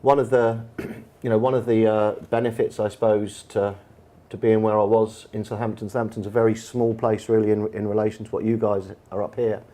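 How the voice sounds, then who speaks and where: Man, English, mellow low voice; anecdotal guest speaker at a bar event. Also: little pitch movement, a little fast. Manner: chatty, anecdotal, with frequent fillers. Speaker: football manager and guest speaker. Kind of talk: storytelling in an on-stage conversation. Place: bar event room with an audience.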